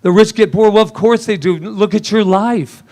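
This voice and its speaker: A man preaching a lively sermon in a church service, joking and laughing often with the congregation. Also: sits high, normal speed. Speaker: minister.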